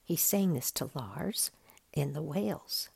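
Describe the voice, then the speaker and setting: A woman reading a picture book aloud in a gentle, explanatory way, describing each picture. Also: low-pitched, animated, takes it slowly, gravelly, breathy edge, dry recording. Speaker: storyteller.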